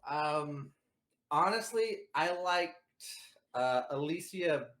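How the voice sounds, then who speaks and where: A man's voice: a little high, expressive, slow pace, fairly bright tone. A man co-hosting a casual movie chat, blunt and crude, swearing freely. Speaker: podcast co-host.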